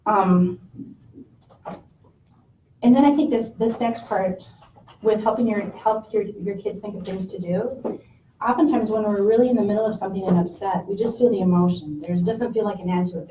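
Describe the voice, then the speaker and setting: Speaking casually to a class of parents, this middle-aged workshop leader has a mellow, mid-range voice and acts out short parent and child quotes. The room recording sounds distant and muffled, with some roominess and a little hiss or hum.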